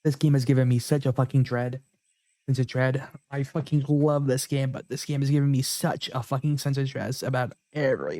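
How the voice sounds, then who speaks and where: A man's voice: medium pitch, brisk, mellow, dry recording. A man streaming a video game, reading the text aloud and reacting with emotional, swear-filled commentary. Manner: emotional, sweary, swings from muttering to outbursts. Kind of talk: casual let's-play commentary and reading.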